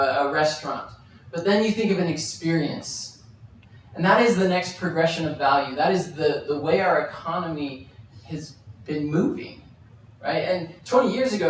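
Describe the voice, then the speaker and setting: A man's voice: a little high, slight background noise. A man giving a live conference presentation, telling a story with many fillers and restarts. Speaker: conference speaker. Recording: very echoey hall, mic at a distance.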